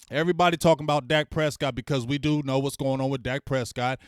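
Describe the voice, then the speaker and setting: A man hosting a fan channel, ranting bluntly and with plenty of swearing as he heckles rival fans and shouts out viewers in his live chat. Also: medium pitch, clean tone, no echo, clean studio sound. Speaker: sports fan channel host.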